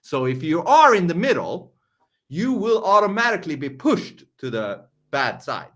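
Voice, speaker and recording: A man's voice: a little high, very animated, moderate pace, fairly bright tone. A man with a foreign accent hosting a live reaction stream, rambling and swearing, often restarting his words. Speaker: show host.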